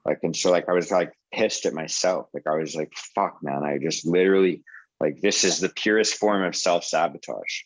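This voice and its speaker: A man's voice: low voice, moderate pace, no room sound, rough recording. A man in his twenties telling a story over a video call in a casual, rambling way, full of swearing and filler words. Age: 20s. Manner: rambling, profane, lots of "like" and "dude". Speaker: support group host.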